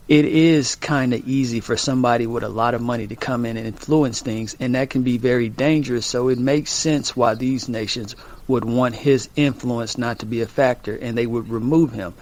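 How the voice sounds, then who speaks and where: A man's voice: medium pitch, steady tone, moderate pace, a little mellow. Regular-voiced guy co-hosting talk radio, argues back, keeps restarting to cut in. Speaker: radio co-host. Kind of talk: casual talk radio debate.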